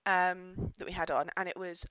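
A woman's voice: fairly low pitch, flat delivery, moderate pace, a bit bright, dry recording, low-quality recording. A pregnant woman hosting a casual solo podcast, ranting and laughing, swearing now and then, sometimes turning away from her microphone. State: pregnant, pulling away from mic. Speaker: podcast host, pub landlady. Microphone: podcast microphone, dry close sound.

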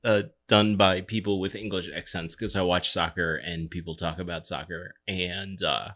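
A man co-hosting a casual podcast chat, joking and crude, with quick asides. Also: sits low, steady tone, fairly bright tone. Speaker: podcast co-host.

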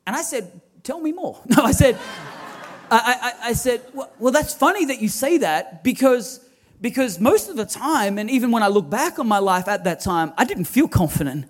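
Aussie pastor guy in his 30s, high voice, lively storytelling sermon. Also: normal speed. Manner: animated storytelling with quoted dialogue and laughter. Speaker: lead pastor.

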